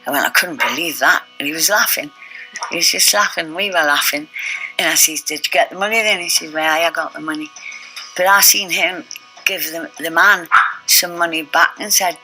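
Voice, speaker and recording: An older woman tells her stories in a chatty, lively way and acts out what people said. Her voice sits low but sounds bright and forceful. Soft music plays behind her. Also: a little fast, poor audio. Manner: chatty, acts out quotes in the story. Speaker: interviewee. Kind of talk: casual storytelling.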